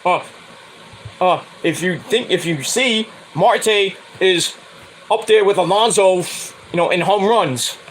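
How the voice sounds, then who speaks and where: A man's voice: measured pace, a little hiss or hum, low-quality recording. A man hosting a podcast, ranting bluntly and profanely about sports fans. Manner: profane, blunt, mocks with high whiny voices. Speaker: podcast host. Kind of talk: casual sports rant.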